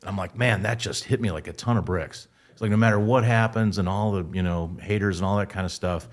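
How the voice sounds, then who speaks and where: A man co-hosting a podcast, chatting in a relaxed, reflective and jokey way. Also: fairly low pitch, fairly quick. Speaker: podcast co-host. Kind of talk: casual conversation.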